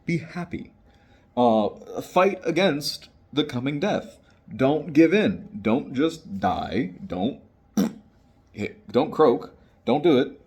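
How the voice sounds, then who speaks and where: A man's voice: mid-range voice, expressive, darkish tone, husky. A man hosting a poetry video, reading a poem earnestly and then explaining it in loose, casual words. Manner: earnest, deliberate, loose and colloquial when explaining. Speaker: poetry channel host.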